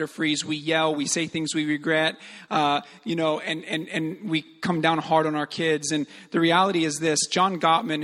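A man giving an earnest, animated sermon-style talk on parenting, telling stories with many fillers. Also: fairly high pitch, big-room sound. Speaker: speaker on parenting.

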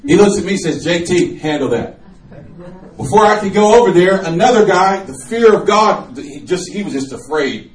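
A male preacher giving a sermon testimony, animated storytelling and laughing often, sometimes bursting into shouts. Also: high-pitched, fairly quick, a crowd in the background. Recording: echoey room, from far off.

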